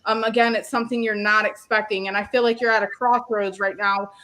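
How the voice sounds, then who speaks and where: A woman's voice: medium pitch, little pitch movement, a little fast, a bit bright. A woman doing psychic card readings on a live stream, chatty and full of ums, calling viewers "my love".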